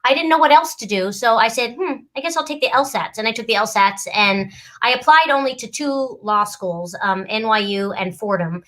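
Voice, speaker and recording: Animated middle-aged woman, higher voice. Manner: animated, quick to laugh, acts out voices. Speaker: voice actress and lawyer. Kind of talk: casual chat.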